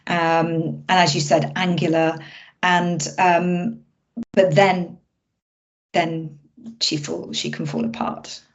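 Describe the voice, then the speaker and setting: A woman film director being interviewed, chatting casually and telling stories in an animated way, often restarting her sentences. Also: on the low side, takes it slowly, pauses often. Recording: muffled lo-fi audio.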